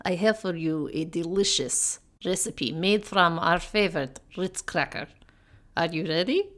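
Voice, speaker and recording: A woman's voice: on the low side, animated, measured pace, a bit bright. A woman hamming up a mock Russian cook with a fake accent. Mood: hammy. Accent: exaggerated fake Russian. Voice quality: broken grammar, dropped articles. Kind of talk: comedy bit.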